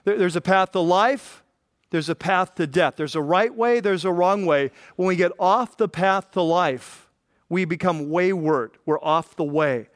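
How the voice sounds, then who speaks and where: A man preaching a sermon, reading scripture and acting out the voices in it with lively emphasis. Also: high voice, a little slow, no room sound. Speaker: pastor.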